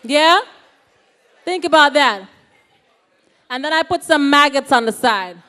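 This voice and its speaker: A high-pitched woman gives a motivational talk to a youth audience. She is animated and keeps calling out questions to the crowd to draw answers. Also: unhurried. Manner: animated, asks the audience questions, calls out "yes, yes?". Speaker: motivational speaker. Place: ceremony hall.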